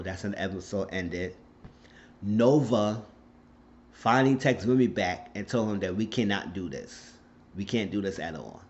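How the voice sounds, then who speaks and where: Man, low-voiced, casual TV recap vlogger, blunt and profane, muffled lo-fi sound. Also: a little mellow. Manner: outspoken, profane, indignant.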